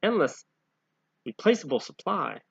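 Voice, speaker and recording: A man with a gravelly, slightly raised voice reads scripture and comments on it in a plain, unpolished way. He keeps pressing his points with repetition. The recording is dull and lo-fi, with a dry, close sound. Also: on the high side, very animated, measured pace, no echo. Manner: reads scripture aloud and explains it, growing emphatic and exasperated. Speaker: lay preacher. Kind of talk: Bible reading with commentary.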